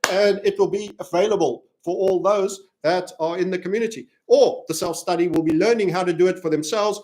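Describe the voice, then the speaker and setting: A man's voice: high-pitched, a little fast, background noise. A man from Africa hosting a crypto chart analysis video, rambling and jokey as he walks through the charts. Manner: rambling, jokey, self-promoting. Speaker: crypto trading analyst and channel host.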